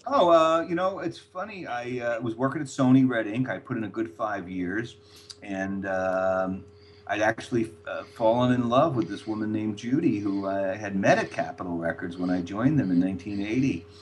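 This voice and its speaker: An older man from the New York area tells long, rambling stories as a podcast guest. He repeats words and laughs at his own tales. His voice is a little low, with a faint hiss behind it. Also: normal speed. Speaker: guest, former record label executive. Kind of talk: storytelling in a podcast interview.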